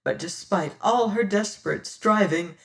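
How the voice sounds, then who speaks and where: An audiobook narrator telling a classic adventure novel in the first person, slow and measured. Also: mid-range voice, fairly bright tone, recorded from a distance.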